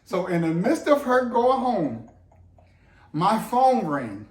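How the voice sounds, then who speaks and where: Guy telling a story to his wife on camera, acts out the quotes, slightly high voice, echoey room. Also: takes it slowly. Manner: animated storyteller acting out quotes, profane. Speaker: co-host, husband. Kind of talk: casual couple storytelling.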